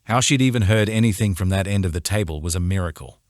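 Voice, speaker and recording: Deep-voiced male audiobook narrator. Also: fast talker, darkish tone, no echo, clean studio sound. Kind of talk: scripted first-person narration.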